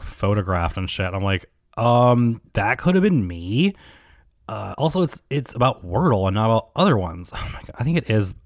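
A man with a lowish voice rants alone on his podcast, profane and sarcastic, and he rambles through his fillers. The recording is dry and close. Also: no echo. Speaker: podcast host. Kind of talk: casual solo rant.

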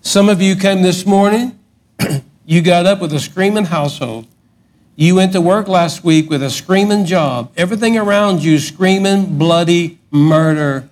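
A middle-aged man preaching a sermon, swinging from loud emphatic outbursts to hushed lines. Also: sits high, unhurried. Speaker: pastor.

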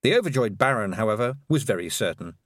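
A man narrating an audiobook in a measured, expressive storytelling manner. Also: lowish voice, no room sound, clean studio sound. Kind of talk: scripted narration.

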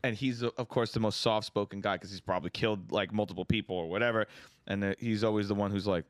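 Animated storytelling young man, dry mic. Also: on the low side, fast, no room sound. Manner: animated storyteller who acts out quotes loudly. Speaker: podcast host. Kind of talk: casual chat.

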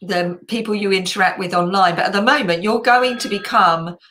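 A middle-aged woman hosts a casual live chat. She rambles along with plenty of ums and restarts. Her voice sits at an ordinary pitch for a woman. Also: fairly quick, pushed and bright, slight background noise. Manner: chatty, rambling, with fillers and self-corrections. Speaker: host.

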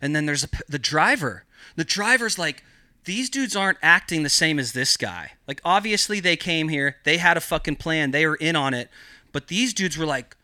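A man's voice: a little high, lively intonation, normal speed, bright, forceful tone, no room sound, studio quality. A man guesting on a podcast, telling a story in casual style with heavy swearing and lots of rambling filler. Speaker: podcast guest, cannabis grower.

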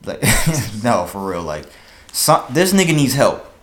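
A young man hosting a casual podcast, giving rapid, profane, animated commentary. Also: lowish voice. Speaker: podcast host.

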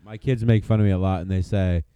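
A man's voice: low voice, fairly even intonation, fast talker, mellow, clear, resonant tone, dry recording, highs cut off. A middle-aged man co-hosting a casual podcast chat, blunt and profane in a matter-of-fact way. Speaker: podcast co-host.

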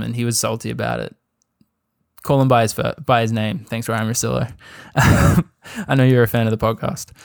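A man's voice: medium pitch, creaky. A young Australian man talking casually about basketball on a podcast, rambling along with plenty of "like" and "um". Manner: rambling, filler-heavy with frequent "like" and "um". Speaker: podcast host. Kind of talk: casual sports chat.

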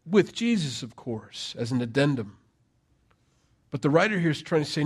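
A man's voice: fairly high pitch, very animated, moderate pace, husky. Emphatic conversational male preacher. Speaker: pastor. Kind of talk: sermon.

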